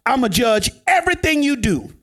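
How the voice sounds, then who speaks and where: Male preacher, high voice with wide swings, chatty joking sermon delivery, loud then hushed. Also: sing-song, moderate pace.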